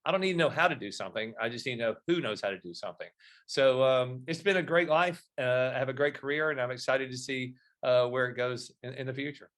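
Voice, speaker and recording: A middle-aged man, a podcast guest, telling stories in a lively way and acting out the dialogue. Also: mid-range voice, quick pace. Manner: storytelling, animated when acting out dialogue. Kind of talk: podcast interview.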